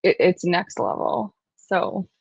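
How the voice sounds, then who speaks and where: A woman's voice: lowish voice, animated, slow, creaky, a little mellow, breathy edge, no room sound, lo-fi sound. A woman hosting a true-crime livestream, chatting casually and reading aloud, close to tears and poking fun at herself. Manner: chatty, self-deprecating, emotional while reading. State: near tears.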